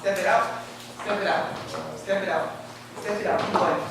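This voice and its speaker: Woman fitness coach, energetic countdowns, echoey room, far from the mic. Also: on the low side, a little slow, gravelly. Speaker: fitness instructor. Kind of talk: leading a live exercise demo. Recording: echoey distant room recording with noise.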